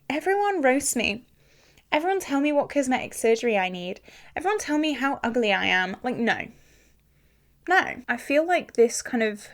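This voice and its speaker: A young woman in her twenties talking casually to camera while doing her makeup, frank and chatty with lots of "like" fillers. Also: mid-range voice. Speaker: beauty vlogger.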